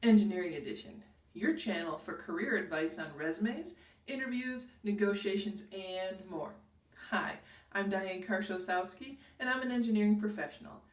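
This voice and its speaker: A woman's voice: mid-range voice, normal speed. Upbeat middle-aged woman in a roomy room. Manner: upbeat, emphatic explainer. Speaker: career advice host. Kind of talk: direct-to-camera advice video. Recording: roomy echo, mic at a distance.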